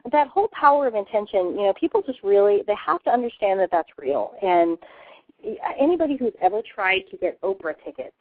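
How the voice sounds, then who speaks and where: A woman guest in casual chat, telling an excited story and acting out the voices in it. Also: medium pitch, brisk. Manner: enthusiastic storyteller, acts out voices. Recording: tinny phone-line audio.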